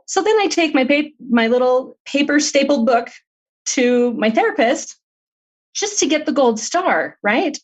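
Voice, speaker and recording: A woman's voice: high voice, animated, a little slow, lo-fi sound. A middle-aged woman, an author guest on a podcast interview, telling her personal story in an earnest, open way with light laughs.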